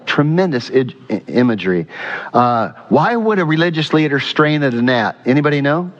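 A male pastor preaching a sermon in a church, animated and often quizzing the congregation. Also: on the high side, normal speed, muffled recording. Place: church sanctuary.

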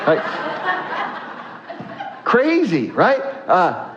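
A man's voice: fairly high pitch, normal speed, muffled recording, noisy background. A male pastor preaching a sermon with energy and many exclamations, asking the congregation to read verses aloud. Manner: energetic, exclamatory, frequent uh fillers; asks congregation to read along.

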